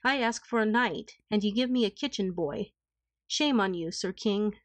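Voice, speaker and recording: A woman's voice: mid-range voice, normal speed, dry recording, close to an everyday voice. A woman voicing a proud, mocking young noble damsel in a storybook reading, dry and close. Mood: indignant. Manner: haughty, mocking.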